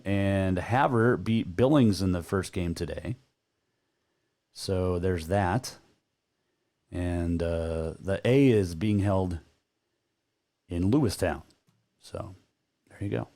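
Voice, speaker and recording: A man's voice: low voice, slow, pauses often, darkish tone. A man hosting a sports talk radio show, chatting casually and rambling a bit with plenty of filler words.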